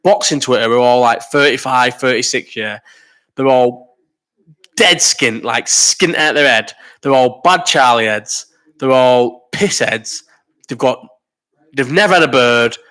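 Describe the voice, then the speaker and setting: A man's voice: mid-range voice, sharp tone. A man in his thirties hosting a live chat, rambling and swearing while reading out viewer comments, ill with a cough. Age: 30s. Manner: rambling and sweary, quick banter. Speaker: host of a live chat stream.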